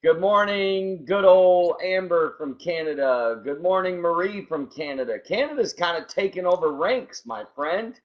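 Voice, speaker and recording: A man's voice: high-pitched, lively intonation, measured pace, few pauses. A male co-host in casual chat who enthusiastically greets listeners by name. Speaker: podcast co-host. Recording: dull lo-fi sound.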